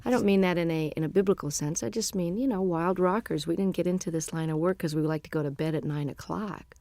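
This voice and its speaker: Middle-aged woman musician, low voice, rambly frank chat, dry close sound. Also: fast, mellow, no echo. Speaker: musician being interviewed. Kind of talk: casual interview chat.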